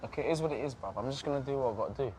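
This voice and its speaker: A man's voice: mid-range voice, very fast, a little mellow, a little hiss or hum, close to an everyday voice. A man playing a laid-back young Londoner. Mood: casual. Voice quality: casual street slang. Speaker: actor in a short crime drama.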